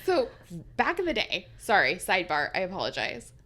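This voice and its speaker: A woman's voice: medium pitch, huge pitch swings, a little fast, a bit bright. A young woman co-hosting a casual book podcast, laughing often as she tells stories. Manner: giggly, storytelling. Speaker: podcast co-host. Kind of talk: casual chat.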